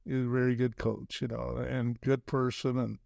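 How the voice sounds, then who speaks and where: Casting: older man, gravelly voice, dry close mic, halting reflective interview guest. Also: mid-range voice, little pitch movement, a little mellow, no room sound. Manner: halting, many restarts and "you know". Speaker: podcast guest, former basketball coach. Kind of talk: casual interview chat.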